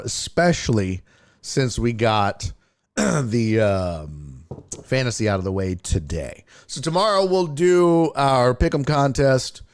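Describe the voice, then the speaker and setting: A man hosting a casual sports talk live stream, joking, swearing and laughing often while reading viewer comments, his voice a bit rough and hoarse. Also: mid-range voice. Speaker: sports talk show host.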